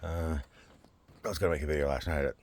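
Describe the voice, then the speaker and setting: A man rambling excitedly in a casual video diary, full of fillers and restarts. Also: very deep voice, quick pace, a little hiss or hum. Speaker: vlogger running a campaign.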